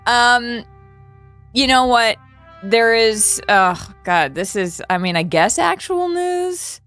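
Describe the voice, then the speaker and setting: Brief: female co-host, slightly high voice, playful and jokey, faint music underneath. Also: lively intonation, slow, a bit bright. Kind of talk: casual sports chat.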